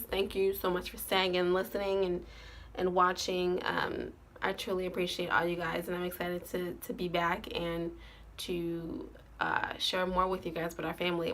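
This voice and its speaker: A woman's voice: fairly low pitch, fairly bright tone, slight background noise. A woman vlogger telling a story to her viewers in a chatty, casual way, full of fillers and "like".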